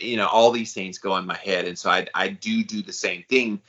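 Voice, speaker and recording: A man co-hosting a podcast, talking in a loose, slangy, animated way. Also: medium pitch, unhurried, highs cut off. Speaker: podcast co-host. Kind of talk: casual chat.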